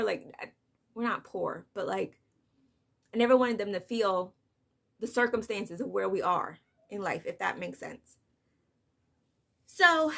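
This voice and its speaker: Gravelly-voiced young mother, close to tears. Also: medium pitch. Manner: soft, hesitant, many "like" fillers, on the edge of tears. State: holding back tears. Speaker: vlogger, mother of two. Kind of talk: personal confessional vlog.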